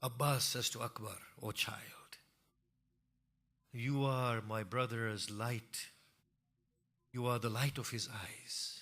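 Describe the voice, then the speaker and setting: A male preacher delivers a mournful sermon at an unhurried, measured pace. His voice is forceful and pressed, moving between hushed grief and impassioned, rising cries. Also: mid-range voice, fairly even intonation, vocal fry. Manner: grieving recital that swells from hushed to impassioned cries.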